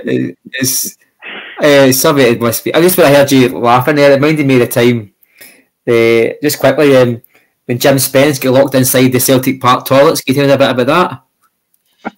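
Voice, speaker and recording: A Scottish man hosting a podcast, chatting and asking questions in a relaxed, friendly way. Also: medium pitch, moderate pace, rough recording. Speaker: podcast host. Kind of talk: interview chat.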